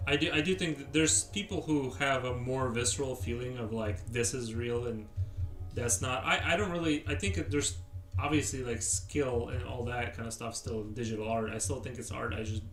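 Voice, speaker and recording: A man's voice: medium pitch, moderate pace, fairly bright tone. A man chatting casually on a live stream while he sketches, rambling as he answers viewers' chat. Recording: roomy, distant mic, faint music.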